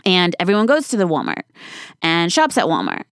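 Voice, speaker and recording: A woman's voice: lowish voice, huge pitch swings, a little fast, fairly bright tone, clean tone, no echo, studio quality. A woman hosting a podcast, chatting in a casual, enthusiastic, folksy way. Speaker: podcast host.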